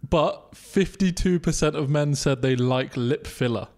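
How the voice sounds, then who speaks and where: A man's voice: on the high side, unhurried, a little mellow. A young man co-hosting a podcast, teasing his friend, laughing often and reading out survey figures in casual chat. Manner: teasing, laughs a lot, reads out survey stats. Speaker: podcast co-host.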